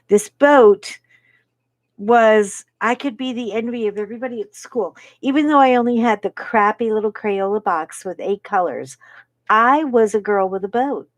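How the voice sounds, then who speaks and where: Woman telling a lively story, dry close sound. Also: fairly high pitch, normal speed, no echo. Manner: lively anecdote-telling, acting out quoted people. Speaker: livestream host. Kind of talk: casual storytelling chat.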